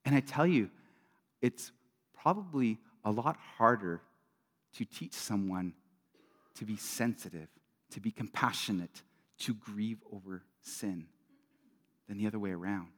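A man's voice: fairly low pitch, expressive, a little slow, pauses often. Earnest preaching man in a reverberant hall. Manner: earnest, conversational preaching with sudden loud bursts and quiet drops. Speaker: pastor. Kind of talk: sermon. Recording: long reverb of a large hall.

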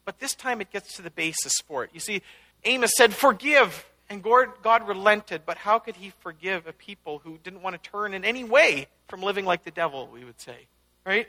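Male preacher, high voice, bright tone, animated conversational teaching, emphatic bursts. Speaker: pastor. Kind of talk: sermon.

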